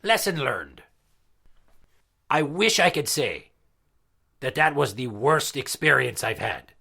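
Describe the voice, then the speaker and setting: Brownbeard, a man doing a gravelly crude pirate. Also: medium pitch, sing-song, slow, bright, forceful tone, heavily acted. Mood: boastful, crude. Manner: crude, profane storytelling. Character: crude boastful male pirate party entertainer. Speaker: regular character. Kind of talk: comedy podcast skit.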